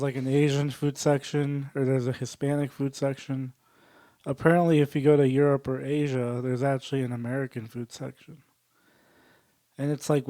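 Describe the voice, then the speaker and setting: A man's voice: mid-range voice, dry recording. Dry-toned male stand-up comic. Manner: crowd-working, deadpan absurd jokes. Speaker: stand-up comedian. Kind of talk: stand-up set. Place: small comedy venue.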